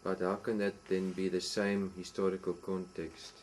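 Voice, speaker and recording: A man, a student in a Bible class, asking a question in a hesitant, halting way. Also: low-pitched, completely flat delivery, darkish tone, slight background noise.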